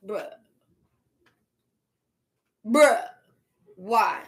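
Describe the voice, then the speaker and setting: A middle-aged woman, chatting casually on a livestream, loud and animated, laughing and shouting at times. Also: high-pitched, unhurried. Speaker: livestream host.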